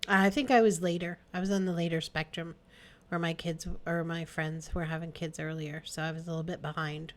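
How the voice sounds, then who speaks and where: A woman's voice: sits low, steady tone, brisk. A middle-aged woman co-hosting a podcast in casual chat, chiming in with supportive agreement and reflections. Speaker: podcast co-host.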